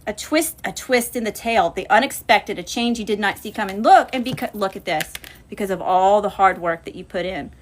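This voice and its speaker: A woman's voice: mid-range voice, fairly quick. Woman, livestream tarot host, casual, profane, chatty, calls viewers y'all. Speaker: spiritual channeler and livestream host.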